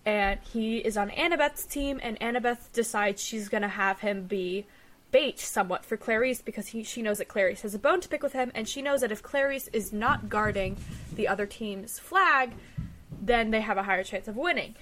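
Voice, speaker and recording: A woman's voice: on the high side, normal speed, fairly bright tone, a little hiss or hum. A woman co-hosting a casual book chat, retelling the plot loosely with frequent laughter. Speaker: book discussion co-host.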